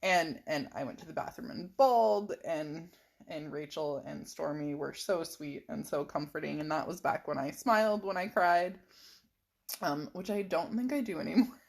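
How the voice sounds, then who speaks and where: A woman's voice: deep voice, normal speed, gravelly. Chatty woman rambling through a story. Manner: rambling, chatty, frequent fillers and laughs. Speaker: vlogger. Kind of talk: casual storytelling vlog.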